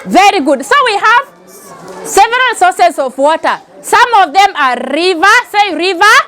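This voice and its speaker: High-voiced Kenyan woman teaching young children. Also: expressive, normal speed, a bit bright. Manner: call-and-response, mixes in Swahili phrases. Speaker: pre-primary teacher. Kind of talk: classroom teaching. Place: classroom with children. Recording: noisy classroom with children.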